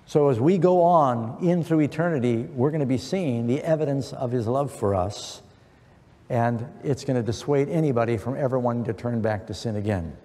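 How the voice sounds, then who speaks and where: Middle-aged pastor preaching earnestly, mellow voice, big echoey church. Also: male voice, mid-range voice, normal speed. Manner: earnest preaching, quotes scripture with emphasis. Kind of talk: sermon. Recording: long church reverb.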